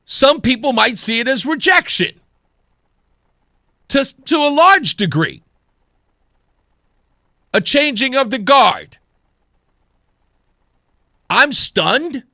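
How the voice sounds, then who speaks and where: A man's voice: very high-pitched, lively intonation, takes it slowly, long pauses, pushed and bright, no echo, studio quality. A man in his thirties hosting a talk radio show, delivering an opinionated monologue with sarcasm and mimicked voices. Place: radio studio. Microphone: studio microphone.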